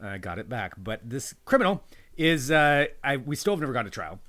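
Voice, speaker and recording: A man's voice: medium pitch, fairly quick. A man co-hosting a casual talk show from home, joking and teasing his co-host. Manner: joking, teasing, lively up-and-down delivery. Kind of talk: casual banter. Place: spare bedroom at home. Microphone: home livestream setup.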